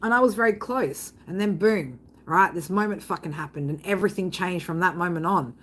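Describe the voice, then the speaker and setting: A woman's voice: fairly low pitch, a little fast, low-quality recording. Blunt, foul-mouthed woman tarot streamer. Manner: swears constantly, blunt and animated, keeps asking "right?"; breaks into loud laughter reading chat comments. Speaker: psychic tarot reader hosting a live stream. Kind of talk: casual live-stream chat with viewers.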